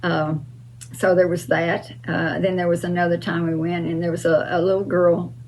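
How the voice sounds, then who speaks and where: A woman's voice: on the low side, flat delivery, normal speed, a little mellow, slight background noise, poor audio. An older woman hosting her own channel, answering fan questions in an emphatic, casual way with frequent uh and um.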